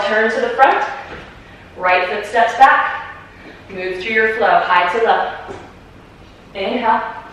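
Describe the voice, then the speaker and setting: A woman leads a yoga class with calm, encouraging breath and pose cues, a little out of breath. She sounds some way from the mic, in a strongly echoing room. A faint hiss of ambience sits underneath. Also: fairly high pitch, far from the mic. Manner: calm, encouraging step-by-step cueing. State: slightly out of breath. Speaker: yoga instructor.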